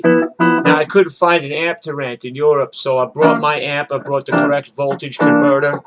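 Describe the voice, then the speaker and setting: A middle-aged man and working guitarist, telling a rambling, cursing rant that starts loud and worked up and settles into a low, weary tone. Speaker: gigging guitarist and show host.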